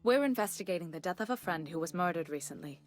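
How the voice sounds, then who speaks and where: A woman's voice: lowish voice, animated, fast talker, soft background music. A woman reading an investigator's lines in a board game, earnest and plain.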